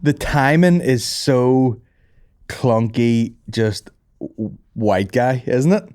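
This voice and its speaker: A man's voice: mid-range voice, animated, a little mellow. Male podcast host, loose and profane, casual comedic rambling. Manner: sweary, rambling, quick to laugh.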